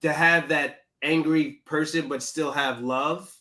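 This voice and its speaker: A man's voice: on the high side, steady tone, slow, pushed and bright. A man co-hosting a podcast in casual chat, teasing and playful, often restarting his sentences. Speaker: podcast co-host.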